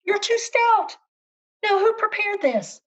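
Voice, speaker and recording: A woman voicing a lovesick young gentleman who questions his servants sharply. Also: very high voice, animated, slow pace, voice pushed up, heavily acted. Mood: demanding. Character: lovesick young master, man, weak and demanding.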